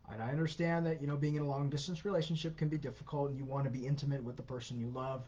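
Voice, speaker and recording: Husky man casually answering viewer questions. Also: mid-range voice, darkish tone. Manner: conversational, frequent fillers, advisory. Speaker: host of an anti-scam Q&A. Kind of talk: casual livestream Q&A. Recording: dull lo-fi sound.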